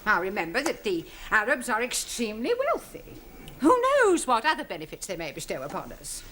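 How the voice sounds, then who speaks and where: An actress playing a bossy, prim headmistress in a 1970s studio sitcom, clipped and commanding. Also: female voice, on the high side, wildly swooping pitch, brisk, a bit bright, slight background noise. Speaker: school principal.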